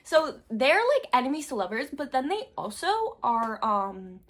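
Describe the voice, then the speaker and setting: A young woman chatting casually about books, gushing with frequent laughs and swearing, swinging between loud bursts and soft asides. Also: high-pitched, big pitch swings, a little slow. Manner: gushing, swears often, many likes. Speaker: book reviewer. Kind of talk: casual book chat.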